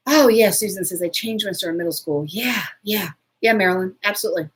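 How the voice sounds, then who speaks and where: A woman hosting a casual live chat, telling a story in a chatty, animated way and answering viewers. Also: mid-range voice, fast talker, husky. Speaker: show host.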